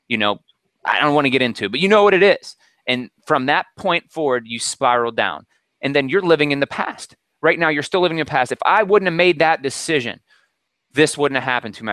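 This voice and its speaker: A man giving a motivational talk over a video call, energetic and preachy, with many fillers. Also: mid-range voice, dry recording. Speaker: presenter.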